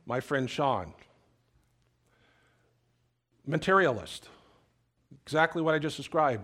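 A middle-aged man preaches a sermon in a loose, conversational way, telling stories and restarting his phrases as he thinks. His voice sits in an ordinary middle register. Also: mid-range voice. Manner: conversational, storytelling, repeats words. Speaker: pastor.

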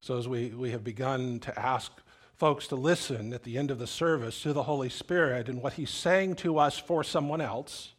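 A man's voice: mid-range voice, normal speed. A middle-aged man preaches a sermon in a loose, conversational way, telling stories and restarting his phrases as he thinks. His voice sits in an ordinary middle register. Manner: conversational, storytelling, repeats words. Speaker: pastor.

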